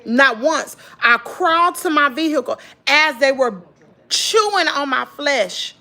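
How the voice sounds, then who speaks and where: Animated Southern woman telling a story. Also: high voice, slow. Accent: Southern US, Mississippi. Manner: animated, emphatic, addresses listeners as girl and y'all. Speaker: vlogger. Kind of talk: emotional storytelling to viewers.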